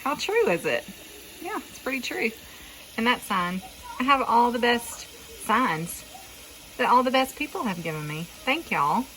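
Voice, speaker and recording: A woman's voice: on the high side, sing-song, unhurried, pauses often, a bit bright. A woman, chatting folksily to viewers while she cooks in her home kitchen. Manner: chatty, folksy, jokes with herself. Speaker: home cooking video host. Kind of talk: casual cooking vlog chat. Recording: noisy kitchen with frying sizzle. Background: frying and sizzling food.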